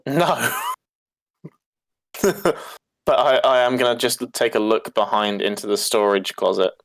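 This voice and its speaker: A man's voice: medium pitch, steady tone, unhurried, a bit bright, no echo. A man playing a tabletop game, chatty and hesitant, often laughing. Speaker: player. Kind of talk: casual tabletop play.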